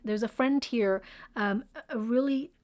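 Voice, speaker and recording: A woman's voice: fairly high pitch, unhurried, darkish tone. A woman giving a spoken tarot reading, talking in a soothing, reassuring way with frequent fillers and check-ins to the listener. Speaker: tarot reader.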